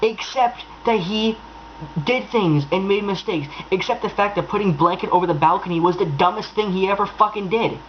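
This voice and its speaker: A man's voice: high voice, brisk, few pauses, muffled recording, slight background noise. A young man ranting to camera in an exasperated, sarcastic tone, swearing freely. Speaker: vlogger. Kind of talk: angry rant to camera.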